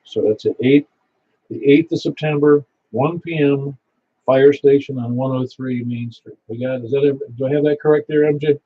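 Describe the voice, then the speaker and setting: A man's voice: medium pitch, fairly even intonation, moderate pace, breathy edge. A man acting as net control for an amateur radio net, reading out announcements in a rambling, folksy way and repeating details to confirm them. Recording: slightly dull sound with faint hiss.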